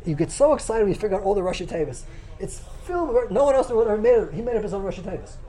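An older man gives a Torah lecture in a high, quick voice. He gushes with excitement and often stumbles, restarting and repeating words as he rushes ahead. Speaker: rabbi teaching a Torah class.

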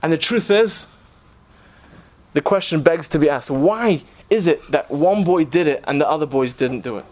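A man's voice: on the high side, normal speed, darkish tone. A man preaching, telling a story earnestly and posing rhetorical questions to his listeners. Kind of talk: sermon storytelling.

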